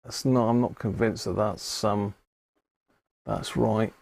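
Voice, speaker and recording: A man with a gravelly, somewhat low voice talks casually through a live stream as he works on an old radio. He mutters and thinks out loud between tasks, in a relaxed workshop chat. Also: slow. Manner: muttering, thinking aloud while working. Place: home workshop.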